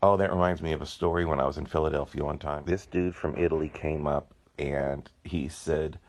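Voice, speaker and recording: A man, a painter, chatting casually about his artwork. He rambles through excited stories full of asides and exclamations. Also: a bass voice, brisk. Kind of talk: casual chat.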